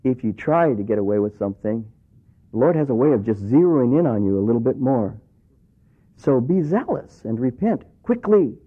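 A middle-aged man preaches in a chatty, storytelling way and slips into little acted voices for the people he quotes. His voice sits at an ordinary pitch. It comes through a thin, narrow band, like a radio sermon heard over a phone line. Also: big pitch swings, normal speed. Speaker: pastor. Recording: tinny phone-like radio broadcast.

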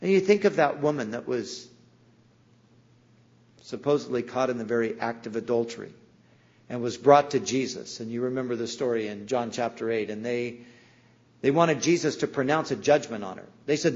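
A man's voice: medium pitch, normal speed, a little mellow, muffled recording. A man preaching a sermon in an earnest way, sometimes acting out the voices in the stories he tells. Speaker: pastor.

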